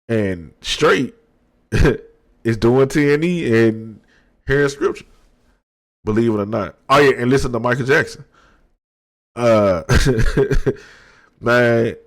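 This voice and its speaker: Man, thirties, low voice, soft confessional monologue, halting restarts, desk microphone. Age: 30s. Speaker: podcast host. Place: at his desk.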